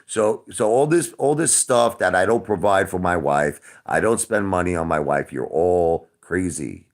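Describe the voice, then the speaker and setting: A man's voice: sits low, lively intonation, unhurried. A man in his forties answering his chat on a casual livestream, defensive and repetitive, who keeps calling the viewers brother. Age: 40s.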